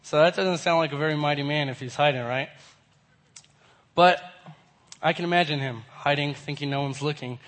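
A young man with a hoarse voice from a cold, casually teaching a Bible lesson to a group and often asking them questions. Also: a little high, normal speed, long pauses, fairly bright tone. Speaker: youth pastor.

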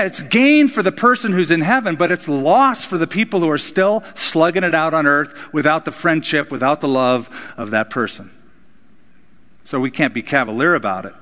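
A man's voice: on the high side, a bit bright. A man preaching a sermon, his voice rising and dropping for emphasis. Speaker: pastor. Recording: hall reverb.

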